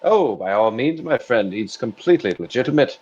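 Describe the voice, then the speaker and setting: A man playing in a tabletop game, describing his character's spell and arguing calmly and persuasively. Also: mid-range voice, a little fast, husky, highs cut off. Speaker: player. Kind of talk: casual tabletop game play.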